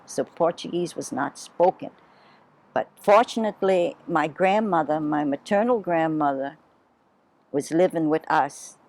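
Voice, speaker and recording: An older woman in her eighties speaks with a lilt, her voice sitting low. She tells stories from her life in an unhurried, homely way, stopping now and then to spell a word out. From Hawaii. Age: 80s. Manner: unhurried, homely storyteller who spells words out. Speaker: oral history interviewee. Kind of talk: reminiscing storytelling.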